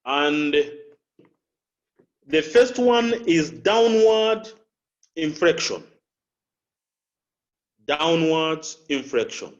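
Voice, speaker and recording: A man teaching public speaking in a high, very animated voice that swoops up and down as he demonstrates inflection. He talks slowly and deliberately and repeats his key phrases. The recording sounds dull and lo-fi. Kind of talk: instructional talk with spoken examples.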